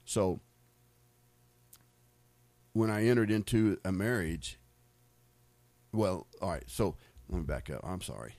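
A middle-aged American man with a low, deep voice tells personal faith stories in a loose, rambling way. He restarts and repeats words and laughs now and then. The sound is dry and close. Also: expressive, takes it slowly, pauses often, darkish tone, no echo. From United States. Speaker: speaker sharing faith stories. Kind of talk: casual storytelling testimony.

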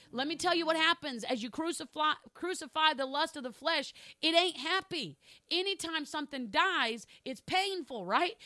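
A woman's voice: high-pitched, bright, forceful tone, dry recording, studio quality. A middle-aged woman pastor preaching a sermon, telling a candid personal story and repeating phrases for emphasis.

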